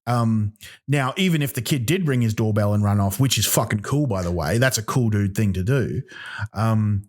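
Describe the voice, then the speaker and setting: A man's voice: lowish voice, moderate pace, darkish tone. A man hosting a comedy podcast, delivering a profane, rambling solo rant with many ums and restarts. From Australia.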